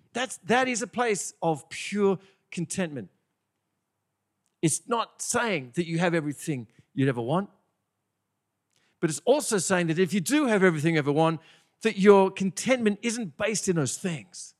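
A man preaching a sermon in a conversational, animated way, often asking the congregation questions. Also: sits high.

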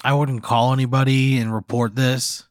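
A man's voice: mid-range voice, flat delivery, normal speed, no room sound, clean studio sound. A man playing along in a comic improvised story, reacting with incredulous, exasperated outbursts and casual swearing. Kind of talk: improvised comedy banter.

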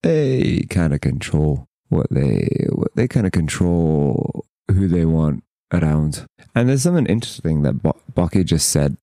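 Man, deep voice, in-character tabletop role-play, casual swearing, dry recording. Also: sing-song, a little slow, dark tone, dry recording. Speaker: player.

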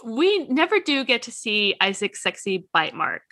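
A woman co-hosting a casual podcast, recapping a TV episode with animated asides and quoted lines. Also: fairly high pitch, normal speed, slight background noise. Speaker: podcast co-host.

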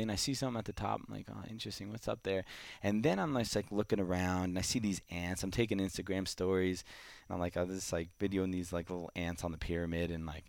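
Low-voiced man telling a story, dry sound. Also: no room sound. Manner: animated storyteller, many "like"s, drops to a hush in quiet moments. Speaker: podcast guest. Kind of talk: casual storytelling.

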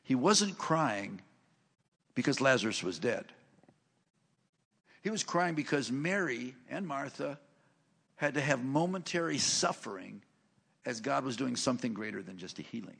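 A man's voice: mid-range voice, big pitch swings, normal speed, vocal fry, a bit bright, breathy edge, in a large hall. A man preaching a sermon, retelling a scripture story in a folksy way and reading passages aloud with rising force.

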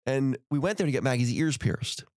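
A man's voice: mid-range voice, animated, fairly quick, a little mellow, no room sound, clean studio sound. A middle-aged man hosting a podcast, telling a story in casual conversation and acting out heated quotes. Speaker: podcast host.

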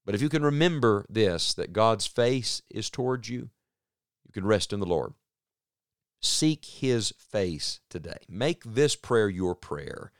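Man preaching, low voice, smooth and clear, dry close mic, earnest slow pauses. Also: expressive, no echo. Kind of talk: broadcast sermon.

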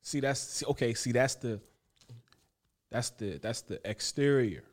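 A man's voice: medium pitch, unhurried. A man in casual chat, talking emphatically and with a lot of profanity. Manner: emphatic, profane, animated storytelling.

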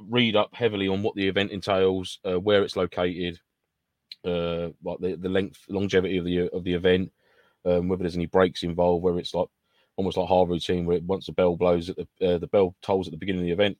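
A man's voice: low-pitched, flat delivery, a little fast, a little mellow, no echo. A man co-hosting a podcast over a video call, teasing, laughing often and rambling through advice. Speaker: podcast co-host. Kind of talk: casual chat.

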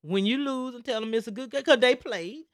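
A woman's voice: fairly high pitch, fairly quick, no room sound, clean studio sound. A woman, talking in an emphatic, preachy way during a casual chat. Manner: emphatic, preachy, animated storytelling.

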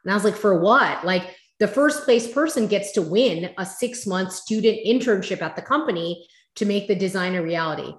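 Animated woman in an echoey room. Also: medium pitch, brisk. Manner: animated, acts out past conversations. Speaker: interview guest. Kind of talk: storytelling in a conversational interview.

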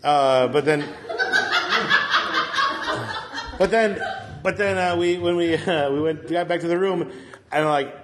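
A man's voice: fairly high pitch, slow pace, pauses often, background noise. A man telling a long story in casual chat, rambling with lots of fillers and laughing as he goes.

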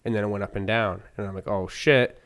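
Podcast co-host, male, lowish voice, rambling storyteller with lots of "like" and "um". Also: steady tone, fairly quick, a bit bright. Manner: rambling, lots of fillers and restarts. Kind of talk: casual chat, storytelling.

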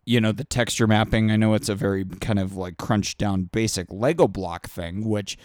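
A man chatting as a podcast guest, excitable and rambling, swearing freely. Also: fairly low pitch, moderate pace, hardly any pauses, no echo, clean studio sound. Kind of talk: casual podcast chat.

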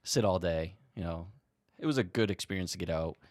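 Low-voiced dude cohosting a podcast, animated storyteller, cusses a lot, dry close mic. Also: male voice, fairly quick, no room sound. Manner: animated, swears freely, acts out quotes. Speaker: podcast co-host. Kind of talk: casual storytelling chat.

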